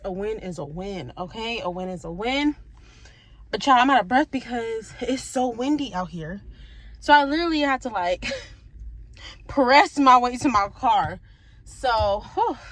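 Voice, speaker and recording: A woman talking casually to her viewers in a relaxed, rambling vlog, narrating what she is doing as she goes. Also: lowish voice, slight background noise, poor audio. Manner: chatty, talks straight to viewers, relaxed and rambling. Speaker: lifestyle vlogger. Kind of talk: casual vlog chat to camera.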